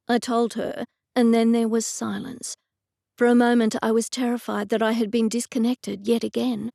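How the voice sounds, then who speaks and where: A woman's voice: fairly high pitch, little pitch movement, normal speed, gravelly, dark tone, dry recording. A woman narrating an audiobook in the first person, telling the story in a dry, exasperated way.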